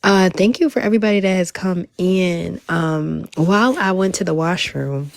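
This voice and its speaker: A woman hosts a casual livestream in a low, creaky voice at normal speed with few pauses and a little hiss or hum. She chats to viewers in a Black style, with asides and the occasional whisper.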